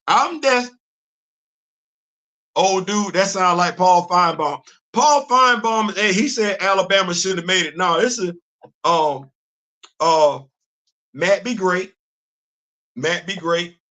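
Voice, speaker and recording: A man hosting a comedic live-stream commentary, talking in an animated, teasing, emphatic way. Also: a little high. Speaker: host.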